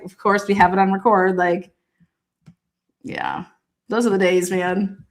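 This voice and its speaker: A woman's voice: mid-range voice, fairly even intonation, normal speed, pauses often. A woman hosting a show who rambles through casual stories, swearing freely and laughing often. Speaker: host. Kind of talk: casual storytelling.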